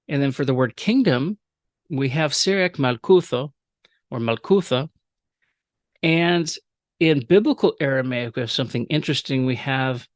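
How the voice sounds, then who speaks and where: A man teaching a recorded language lecture, explaining rules with fillers and repeating example words slowly. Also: mid-range voice, no echo, clean studio sound. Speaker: professor.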